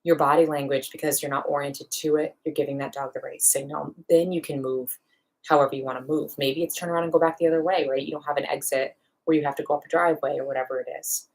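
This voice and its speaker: A woman with a low voice talks through dog training in a live question-and-answer session. She explains practical steps one by one and briefly acts out little exchanges as she goes. Her delivery is plain and instructive. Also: fairly even intonation. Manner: practical, explains step by step with quick acted-out asides. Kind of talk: live online Q&A lesson.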